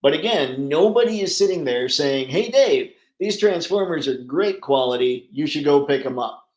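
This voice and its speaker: A man's voice: on the high side, animated, moderate pace, echoey room, rough recording. Chatty man hosting a live stream. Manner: chatty, rambling, laughs easily. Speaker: livestream host. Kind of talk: casual live chat reading viewer comments.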